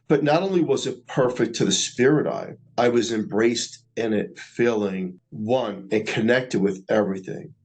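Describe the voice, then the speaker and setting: A middle-aged man, earnestly recounting a personal experience in a slow, reflective way. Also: fairly low pitch, darkish tone, low-quality recording. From Staten Island, New York. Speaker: near-death experiencer. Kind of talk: personal storytelling.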